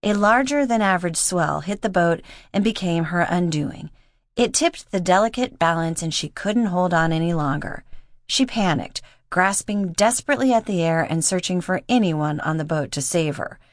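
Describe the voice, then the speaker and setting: A woman narrating an audiobook in a steady, measured reading voice. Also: on the low side, no room sound, studio quality. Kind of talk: scripted narration.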